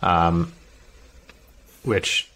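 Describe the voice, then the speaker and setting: A man's voice: extremely slow, sharp tone. A man co-hosting a podcast in casual chat, talking with strong opinions and laughing often. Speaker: podcast co-host.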